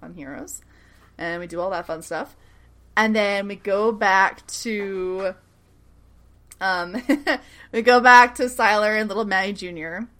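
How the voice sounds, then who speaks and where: A young woman co-hosts a casual podcast recapping a TV series, chatting in a mid-range, slightly bright voice. She speaks at a measured pace with frequent pauses, laughs often, and acts out characters' lines while retelling scenes.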